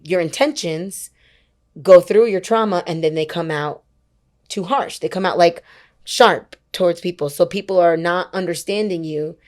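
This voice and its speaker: A woman's voice: fairly low pitch, moderate pace. A young woman in her twenties, a worship leader guest on a podcast, telling a personal story in casual chat and acting out what other people said. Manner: animated storyteller who acts out quoted dialogue; chatty, uses many fillers like "like" and "whatever".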